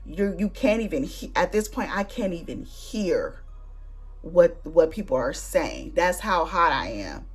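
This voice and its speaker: A woman's voice: on the low side, unhurried, slightly rough, soft background music. A young woman hosting her own vlog and telling a story in casual, slangy chat. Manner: animated, slangy, conversational storytelling. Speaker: booktuber vlog host.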